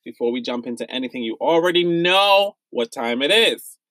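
A man's voice: medium pitch, animated, normal speed, sharp tone, no echo. A young man from the United States hosting a solo podcast, speaking with raw pain and anger, repeating himself as he vents. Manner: emotional, repetitive, pained and angry. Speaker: podcast host.

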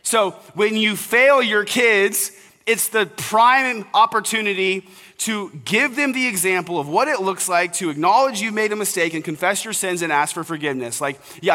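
A man's voice: high voice, normal speed, pushed and bright. A young man preaching an earnest, conversational sermon to fathers as pastor. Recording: reverberant hall.

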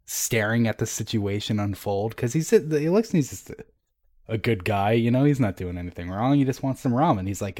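A man co-hosting a podcast, casually retelling a story with animated restarts and frequent laughter. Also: mid-range voice, no echo, studio quality. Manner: animated, laughs often, quick restarts, quotes characters in an everyday voice.

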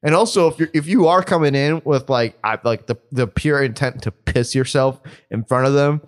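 A man's voice: medium pitch, normal speed. A man co-hosting a podcast in casual chat, rambling with many fillers and restarts. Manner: rambling, full of fillers and restarts, laughs often. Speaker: podcast co-host.

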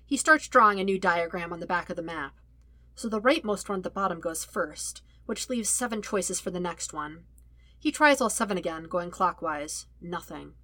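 A woman narrating a fan-fiction audiobook with a lively, wry storytelling manner. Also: fairly low pitch, moderate pace, no echo. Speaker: audiobook reader.

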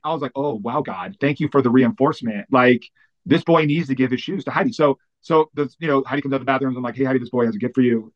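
A man who works as a pastor, telling lively personal stories in an interview with lots of fillers and restarts. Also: medium pitch, highs cut off. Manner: animated, fast-running anecdotes with many fillers. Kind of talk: storytelling in an interview.

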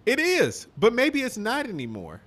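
A man's voice: very high voice, huge pitch swings, normal speed, fairly bright tone. A young man co-hosting a podcast, rambling in a loose, profane casual chat full of "like" and "man". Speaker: podcast co-host.

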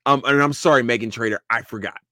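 A man hosting his own podcast, talking loosely and profanely. His voice sits at an ordinary middle pitch. He is recorded on a close mic in a dry room with no reverb. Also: fast. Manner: animated, profane, repeats and restarts a lot. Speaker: podcast host. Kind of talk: casual solo podcast rant.

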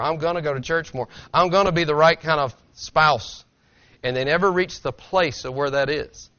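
A male pastor preaches in a church with an earnest, conversational delivery, peppering the congregation with rhetorical questions. His voice sits a little high and sounds bright and forceful. The recording is dull and lo-fi. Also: smooth. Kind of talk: sermon. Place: church sanctuary.

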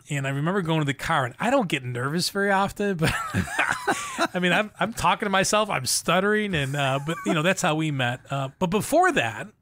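A middle-aged man from Buffalo, New York, speaking earnestly and warmly as a show host sharing his family story. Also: fairly high pitch, no echo. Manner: earnest, heartfelt, repeats words when moved. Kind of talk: conversational radio interview.

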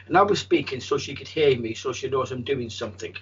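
A medium with a husky voice, telling a story in a rambling way, with many restarts. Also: male voice, mid-range voice, fast talker, hardly any pauses, highs cut off. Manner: rambling, frequent restarts and fillers. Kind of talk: storytelling in an interview.

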